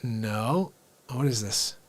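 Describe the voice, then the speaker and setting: A man hosting a livestream, chatting excitedly and grumbling at his screen. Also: medium pitch, takes it slowly. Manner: excitable, chatty, frustrated asides. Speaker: show host. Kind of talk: casual livestream chat.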